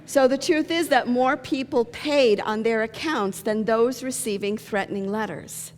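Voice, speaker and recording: A woman pastor giving a sermon, telling funny stories and jokes in a lively storytelling manner. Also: on the high side, a little slow. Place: church sanctuary. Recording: long reverb of a church hall.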